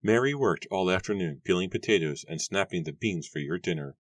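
A man voicing a brisk young woman who speaks in a demanding way. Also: low-pitched, lively intonation, no room sound. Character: brisk young mother of the house, protective.

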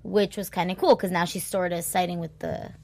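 A woman co-hosting a podcast, chatting casually about a show, expressive and exclamatory. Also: fairly low pitch, brisk, vocal fry. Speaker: podcast co-host. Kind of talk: casual chat recapping a show.

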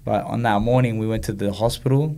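A man's voice: lowish voice, steady tone, fairly quick, dark tone. A man, telling a personal story in an interview and acting out the quoted dialogue. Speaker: guest, former boxer.

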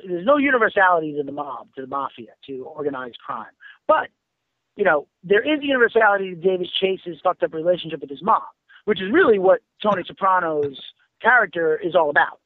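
A man's voice: a little high, no echo, phone-quality sound. A man who writes and teaches screenwriting, talking casually, rambling and swearing as he tells stories. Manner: profane, rambling storyteller with many fillers. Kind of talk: casual podcast conversation.

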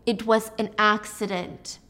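A woman's voice: medium pitch, little pitch movement, measured pace, bright, forceful tone. A woman voicing a dismissive young husband who brushes off his wife, placating and stern. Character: dismissive husband, engineer, tense and controlling.

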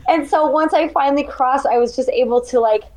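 A woman ultrarunner, a guest in an interview, telling her race story in an animated, emotional way. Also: high-pitched, brisk, background noise. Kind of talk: conversational interview.

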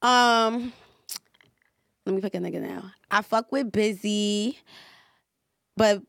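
A woman, a guest in a casual chat, laid-back and blunt and quick to laugh. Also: medium pitch, vocal fry, a bit bright, dry recording, clean studio sound. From New York. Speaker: guest, social media personality.

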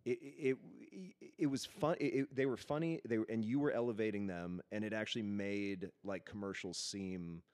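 A podcast co-host with a very low male voice who reminisces in an easygoing way. He often trips over his words, repeating and restarting as he goes. The tone stays relaxed and conversational. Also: normal speed, few pauses. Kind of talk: casual chat.

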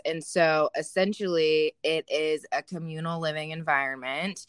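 Low-voiced young woman, casual podcast chat. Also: normal speed, clean tone, no room sound, studio quality. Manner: swears a lot, animated storytelling. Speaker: podcast host.

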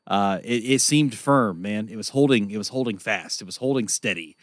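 A man's voice: fairly low pitch, normal speed, dry recording. Profane, rambling man podcaster, dry close mic. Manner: rambling, profane storytelling with frequent fillers. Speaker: podcast co-host. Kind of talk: casual comedy podcast chat.

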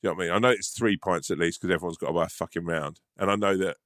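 A man's voice: low-pitched, rapid-fire, fairly bright tone, no echo, clean studio sound. A man from London telling a long, rambling story in casual chat, swearing freely and restarting sentences often. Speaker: podcast co-host.

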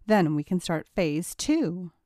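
A woman's voice: on the low side, very animated, slow, dark tone, no room sound, clean studio sound. A woman voicing a bossy, cool-headed teenage girl accomplice in a storybook reading.

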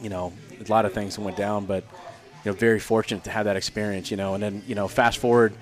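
A man in his thirties with a fairly low voice tells his army stories in a relaxed, chatty way, jumping into the voices of the people he quotes. He swears casually and keeps a loose, joking flow. Faint music plays quietly behind him. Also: fast. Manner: animated storyteller who acts out quoted voices, swears freely. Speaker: podcast guest, former Army Ranger and Green Beret. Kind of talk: casual storytelling chat.

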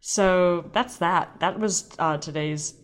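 A woman hosting her own podcast in a rambling, playful, self-deprecating chat. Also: on the low side. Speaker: podcast host. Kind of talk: casual solo podcast chat.

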